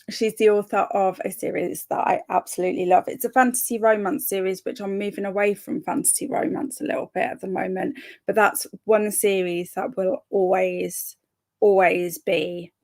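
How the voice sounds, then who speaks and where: Her voice sits at medium pitch with a darkish colour. She's a young livestream host running reading sprints, casually chatting, reading out comments from viewers, laughing often, and sometimes getting tongue-tied in her bubbly way.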